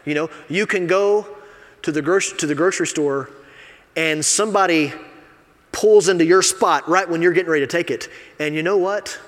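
A man's voice: a little high, moderate pace. Man preaching in a reverberant church. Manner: confessional, conversational, swings from quiet asides to loud emphasis. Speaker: assistant pastor. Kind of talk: sermon. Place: church sanctuary. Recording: long reverb of a church hall.

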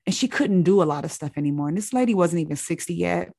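Low-voiced woman telling a story. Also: animated, fast, vocal fry, a little mellow, no room sound, clean studio sound. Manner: earnest, searching, with many restarts. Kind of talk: reflective storytelling.

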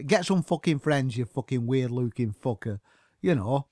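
A man's voice: medium pitch, animated, normal speed, mellow, dry recording, studio quality. A man, delivering a mocking comic rant full of swearing. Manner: swearing constantly, mocking, rambling.

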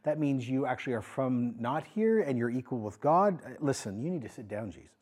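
A pastor acting out a skeptical hometown crowd confronting Jesus in casual modern slang, with a husky voice. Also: male voice, mid-range voice, very animated, brisk, a little mellow. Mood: incredulous. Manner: incredulous, pleading, talks in modern slang.

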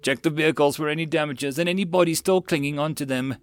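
A man's voice: on the high side, quick pace, dry recording, voice pushed up, close to an everyday voice. A man voicing a tense male sergeant in an audiobook, barking terse orders over the radio. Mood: commanding.

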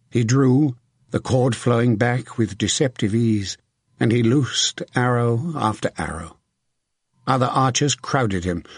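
Male audiobook narrator: husky, low-pitched, measured delivery. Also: dry recording, clean studio sound. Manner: steady measured storytelling. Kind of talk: scripted narration.

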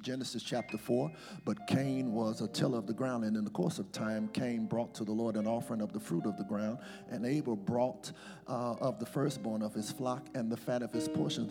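A man who serves as senior pastor reads scripture and preaches in a church sanctuary while the congregation echoes his words back. He speaks at medium pitch with vocal fry, and the recording carries the reverberation of the hall along with background music.

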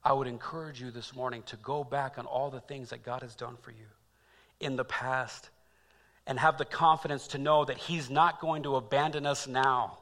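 A man preaching a sermon as pastor, dropping to quiet reflection and rising to loud, repeated calls. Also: medium pitch, fairly even intonation, moderate pace, long reverb tail. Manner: swings from hushed to loud and emphatic; repeats phrases for emphasis.

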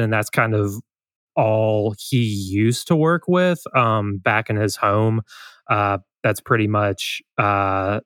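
A man's voice: mid-range voice, no echo. Average guy voice, teasing, lots of uh and um, dry close mic. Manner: teasing, laughs loudly, hesitant fillers. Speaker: podcast co-host and player. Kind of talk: casual podcast chat.

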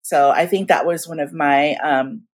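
A woman in her forties, guest in a casual interview, telling stories in an animated, slangy way and acting out what people said. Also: deep voice, normal speed. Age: 40s. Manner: animated, slangy, acts out quotes.

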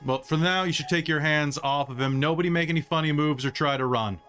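A man's voice: fairly high pitch, quick pace, fairly bright tone, clean tone, soft background music, natural voice. A man voicing a stern woman soldier. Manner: curt, authoritative orders. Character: stern female soldier, commanding patrol leader.

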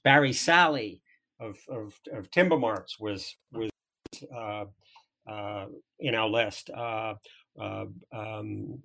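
A man's voice: medium pitch, vocal fry, a bit bright. English guy from the south talking it out on a podcast, lots of uhs and restarts. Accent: South of England. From England. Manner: rambling, many restarts and fillers. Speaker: interview guest, former trade magazine editor. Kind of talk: conversational podcast interview.

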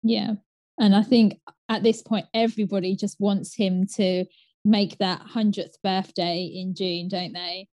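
A woman co-hosting a casual chat, relaxed and newsy with frequent fillers. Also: medium pitch, measured pace, dry recording. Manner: relaxed, newsy, many "um" and "obviously". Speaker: co-host.

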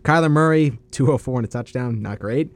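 A young man co-hosting a college sports radio show, an animated storyteller quick with banter. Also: mid-range voice. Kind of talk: casual sports chat.

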